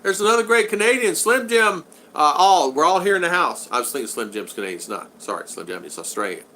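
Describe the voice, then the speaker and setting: Fast and sing-song, with a pushed, bright quality on the high side, a man in his sixties talks loosely on a casual live stream at his home in the Philippines. He reads viewer comments out and teases regulars in a friendly manner.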